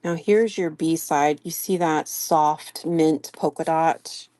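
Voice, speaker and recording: Soft-spoken woman chatting on a live sale. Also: sits low, fairly even intonation, slow. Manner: chatty, greets viewers by name, gushes softly. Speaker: live-stream seller. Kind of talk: casual live-stream product showing.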